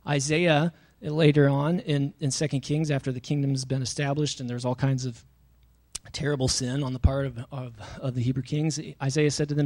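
A man's voice: mid-range voice, little pitch movement, moderate pace, a little mellow. A young adult man preaching a sermon in a casual, conversational way, often using fillers and reading scripture passages aloud. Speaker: pastor.

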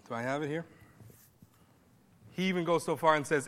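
A man's voice: on the high side, moderate pace, long pauses, fairly bright tone, in a large hall. A man pastor preaching a sermon in a conversational style, rising now and then to emphatic bursts.

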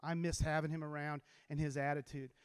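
A man with a notably high voice gives an animated, story-driven motivational talk to a crowd, drawing them in to repeat his lines. His voice rings with a long reverb from a large hall. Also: brisk, clean tone. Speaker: teacher giving a motivational talk. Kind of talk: inspirational talk to a live audience.

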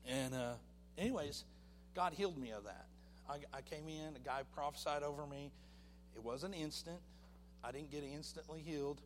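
A man giving a personal testimony at church, telling his story with lively acted-out voices. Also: a little high, normal speed, in a large hall, faint music behind. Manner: animated storytelling, acting out voices.

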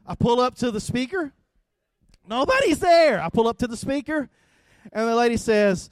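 Middle-aged preacher guy, high-ish voice, chatty sermon, dry close sound. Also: moderate pace, no echo. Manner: conversational, storytelling, rising to loud animated retelling. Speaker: pastor.

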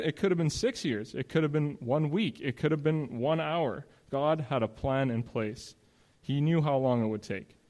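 A man's voice: medium pitch, darkish tone. Man preaching a casual sermon. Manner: conversational preaching with restarts and scripture reading. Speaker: pastor.

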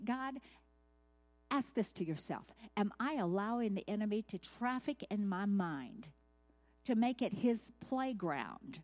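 A woman's voice: medium pitch, very animated, unhurried, a little mellow. A woman teaching a devotional sermon in a conversational way, often asking her listeners questions. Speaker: Bible teacher.

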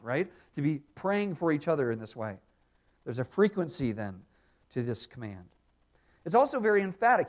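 Earnest preaching man, slightly high voice. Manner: earnest expository preaching, drops quiet on prayers. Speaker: pastor. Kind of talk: sermon.

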